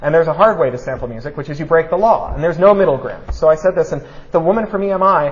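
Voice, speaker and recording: Man, public talk, quick animated delivery, somewhat high pitch, dull lo-fi sound. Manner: fast, animated, keeps saying right. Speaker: speaker at a talk. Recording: dull lo-fi recording.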